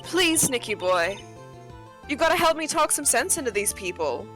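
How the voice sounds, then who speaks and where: A woman's voice: on the high side, sing-song, normal speed, pushed and bright, faint music behind. A woman reading as an indignant defiant wife. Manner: indignant, creeping slight Southern twang. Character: defiant wife of an accused man.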